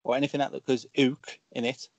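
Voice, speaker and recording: Brief: Black Country man, wrestler guest in casual podcast chat, animated storyteller, dry close sound. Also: medium pitch, a little fast, no room sound. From Dudley, Black Country, England. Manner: animated storyteller, acts out quoted lines.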